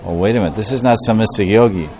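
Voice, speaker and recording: A proud creator god, scheming and puzzled, musing aloud to himself, as a male preacher acts him out in a story. The voice is fairly low. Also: rapid-fire, a little mellow, natural voice.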